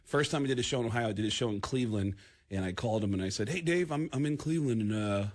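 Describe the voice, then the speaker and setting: A man's voice: mid-range voice, very fast. A man, a guest comedian, telling a story on a radio show, acting out the quotes and stammering and repeating himself as he goes.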